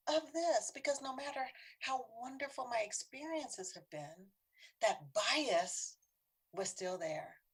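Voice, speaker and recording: A middle-aged woman speaking on bias, telling a personal story dramatically and dropping to a breathy whisper for emphasis. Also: medium pitch.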